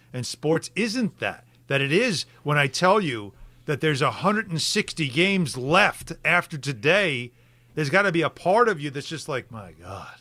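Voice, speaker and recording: A man co-hosting sports talk radio, animated and fond of rhetorical questions. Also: on the high side, dry recording.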